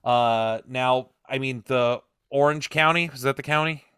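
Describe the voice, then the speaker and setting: A man's voice: mid-range voice, a little slow, pushed and bright, clear, resonant tone, dry recording. Loose-talking man host, dry sound. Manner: loose, filler-heavy, offhand. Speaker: podcast host. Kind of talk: casual chat.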